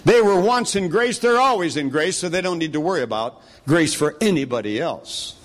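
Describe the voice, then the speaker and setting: A middle-aged man preaching a sermon, telling a personal story with animated delivery and acting out the people he quotes. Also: fairly high pitch, moderate pace.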